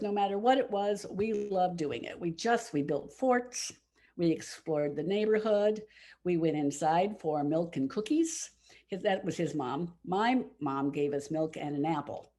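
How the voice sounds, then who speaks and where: A woman's voice: medium pitch, lively intonation, measured pace, warm tone. A woman in her seventies telling a heartfelt personal story to all ages at a church service. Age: 70s. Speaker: congregation member telling a children's story.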